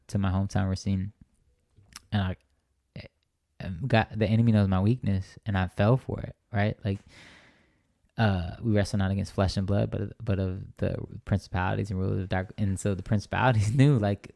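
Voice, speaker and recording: In studio-quality audio with no echo, a young man gives conversational testimony as an interview guest, earnestly recounting his faith journey. He rambles, restarts often and tags lines with "right?", in a lowish, creaky, slightly mellow voice.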